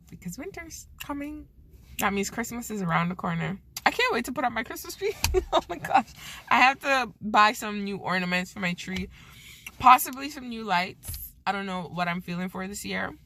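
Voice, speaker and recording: Bright and forceful, this fairly high-pitched woman's voice moves at a moderate pace and sounds animated. She's a Canadian vlogging casually from the snow and then her car, chatty, self-mocking and quick to laugh, over noisy outdoor and car background sound.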